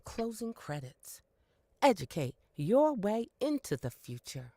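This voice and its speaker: A woman's voice: sing-song, a little slow, very noisy. A woman voice-over contestant from Canada reading a string of commercial tags with playful, dramatic delivery. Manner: playful, dramatic delivery with big pitch swings.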